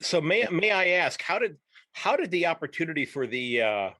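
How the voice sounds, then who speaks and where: A man's voice: on the high side, very animated, moderate pace, sharp tone, no echo. American guy hosting a podcast, curious questions, stammers and restarts, dry close sound. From United States. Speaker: podcast host, teacher. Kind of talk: casual interview chat.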